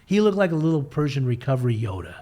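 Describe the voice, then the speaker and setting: A middle-aged man candidly telling his own recovery story in an interview, animated and casual, acting out the voices of people in it. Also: mid-range voice, fast. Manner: animated, acts out quoted voices, swears casually.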